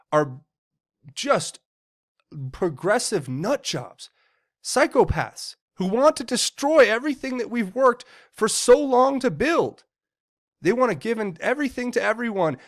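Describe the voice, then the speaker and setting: A man's voice: high-pitched, fairly bright tone. A man giving heated political commentary, indignant and often stumbling and repeating words.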